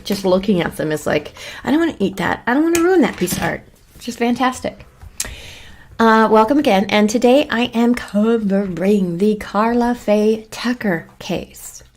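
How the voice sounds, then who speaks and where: Chatty woman host, rambly, lots of vocal fry, talks to her viewers like friends. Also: mid-range voice, darkish tone, a little hiss or hum. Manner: chatty and rambling, fussing over her dog between topics. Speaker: true crime channel host. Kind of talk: casual chat to viewers.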